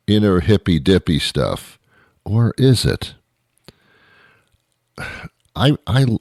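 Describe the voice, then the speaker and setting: A middle-aged man delivering a rambling comic monologue, full of restarts and deadpan asides. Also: deep voice, dry recording, clean studio sound. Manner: meandering, self-interrupting, deadpan asides. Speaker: comedian host.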